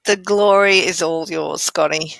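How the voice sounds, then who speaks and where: A woman's voice: lowish voice, steady tone, measured pace, gravelly, noisy background. A woman with an Irish accent co-hosting a podcast in teasing, easygoing chat. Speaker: podcast co-host.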